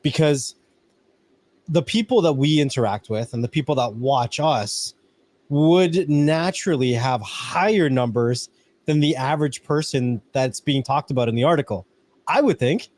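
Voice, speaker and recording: A man's voice: mid-range voice, normal speed, a little mellow. A man co-hosting a casual live-streamed podcast, talkative and often ending his points with a question for agreement. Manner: talkative, ends points with "right?". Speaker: podcast co-host.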